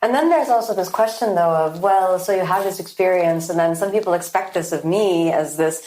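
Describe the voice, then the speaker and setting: A woman hosting a podcast interview, a yoga teacher telling a story with animated asides and acted-out inner thoughts. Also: fairly low pitch, a little fast, roomy sound. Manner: animated storytelling, acting out her own thoughts.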